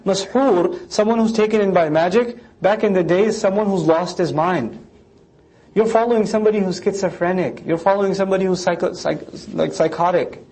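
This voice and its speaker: A male lecturer talks through scripture line by line at a brisk, rapid pace. His voice sits fairly high. He slips into quick mocking impressions of critics as he goes. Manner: animated, explains line by line, mimics critics in quick asides.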